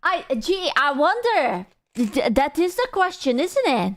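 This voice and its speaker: A woman's voice: high-pitched, big pitch swings, normal speed. A young woman streaming, chatting casually and playfully, teasing and swearing often. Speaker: VTuber streamer. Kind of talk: casual livestream chat.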